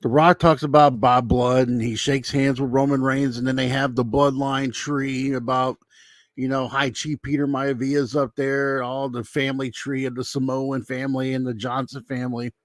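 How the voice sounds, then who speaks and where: A man's voice: medium pitch, flat delivery, moderate pace, dry recording, clean studio sound. A man giving a casual, rambling spoken recap with his opinions, acting out quotes as he tells them. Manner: loose, rambling retelling, acts out quotes. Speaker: YouTube commentator.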